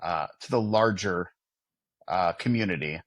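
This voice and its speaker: A man's voice: deep voice, measured pace, no echo, studio quality. A middle-aged man with an American accent, co-hosting a casual podcast chat with wry, self-deprecating banter. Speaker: podcast co-host.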